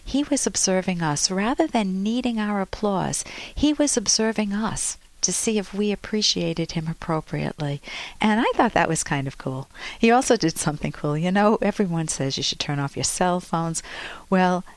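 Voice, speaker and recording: A woman's voice: fairly low pitch, lively intonation, normal speed. A woman hosting a relationship advice podcast, telling personal stories in a chatty way and reading from a book. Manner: chatty, personal storytelling with asides.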